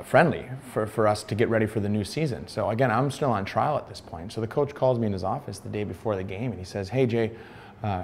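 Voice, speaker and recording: An American man in his thirties, a former pro soccer player, tells his story in a lowish voice. He acts out the lines of the people he quotes. A faint hum of the room sits behind him. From United States. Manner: animated retelling, acts out quoted dialogue. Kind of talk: storytelling interview.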